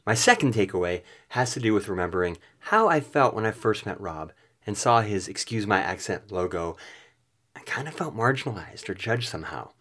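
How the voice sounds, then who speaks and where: A man's voice: low voice, a bit bright. A man hosting a podcast, reading a reflective, self-deprecating outro. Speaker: podcast host.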